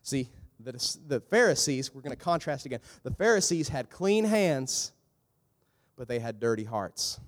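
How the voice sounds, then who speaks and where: A man preaching a sermon in an animated, casual way, breaking into jokes and quick impressions of the people in the passages he reads. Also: mid-range voice. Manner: animated, joking asides with quick voiced impressions. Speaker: pastor. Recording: echoey hall with long reverb.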